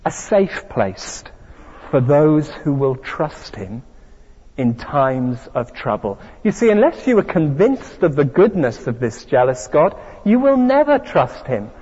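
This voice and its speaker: Slow, husky preacher. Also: male voice, fairly high pitch, sing-song, warm tone. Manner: emphatic, rhetorical questions. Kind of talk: sermon. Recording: dull recording, long hall reverb.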